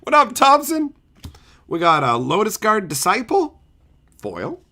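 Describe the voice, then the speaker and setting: Man, live streamer, casual profane banter, lively swooping pitch. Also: a little slow. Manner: profane, joking banter with chat; reads viewer messages aloud. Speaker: streamer opening card packs.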